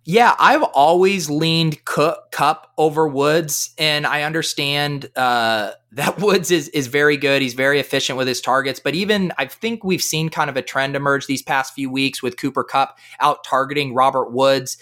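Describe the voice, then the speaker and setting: A man giving fantasy football analysis as a guest in a casual podcast chat, talking with energy. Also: on the high side. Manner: energetic, fast-flowing analysis.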